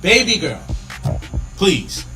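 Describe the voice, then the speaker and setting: Animated man lecturing on a live show. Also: high voice, takes it slowly, faint music behind, rough recording. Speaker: commentator. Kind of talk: live online commentary.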